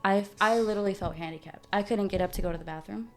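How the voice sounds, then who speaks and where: A woman's voice: mid-range voice, quick pace. A young adult woman, a podcast guest, telling a personal story in casual chat. She acts out the dialogue and often says "dude" and "like".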